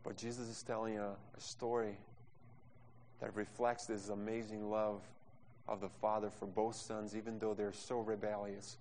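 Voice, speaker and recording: A Brazilian pastor preaches a passionate sermon into a microphone, his phrasing non-native, and he acts out quotes. His voice is lowish and darkish, with little pitch movement and a moderate pace. A hall's long reverb and a little hiss or hum color the recording.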